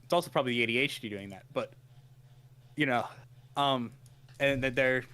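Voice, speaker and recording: On a casual anime review podcast, a male co-host speaks fairly quickly with a medium-pitched, bright and forceful voice. His episode summaries ramble with frequent restarts, and he laughs, amused, at his own retelling.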